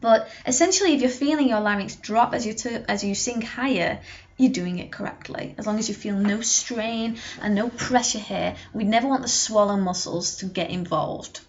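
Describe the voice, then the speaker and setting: A woman's voice: mid-range voice, moderate pace, muffled recording. A young woman singing teacher giving a vocal lesson to camera, explaining technique with sung and spoken demonstrations.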